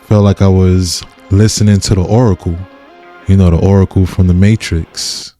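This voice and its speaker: A man's voice: low voice, fairly even intonation, moderate pace, warm tone, faint music behind. A man hosting a reaction channel, commenting casually with laid-back slang.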